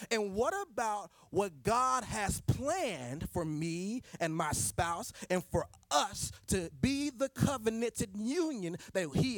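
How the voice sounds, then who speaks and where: Guy preaching, kinda high voice for a man, punchy repeated questions, dry close sound. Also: a bit bright, no echo. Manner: emphatic, repeats rhetorical questions. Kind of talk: sermon.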